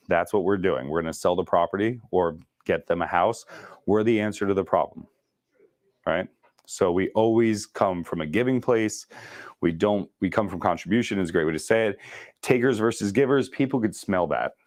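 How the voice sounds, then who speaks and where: A deep-voiced man leads a casual sales training session and talks fast. He jokes and keeps it chatty. His voice sounds dry and close, with little room echo. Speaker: real estate sales trainer.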